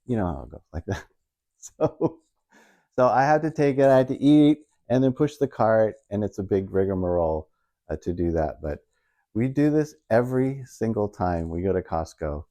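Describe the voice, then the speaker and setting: A middle-aged man tells stand-up stories in a casual, rambling way. His voice sits a little low and sounds mellow and relaxed. He pokes fun at himself as he goes. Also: moderate pace. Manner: rambling, self-mocking, animated retelling. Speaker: stand-up comedian.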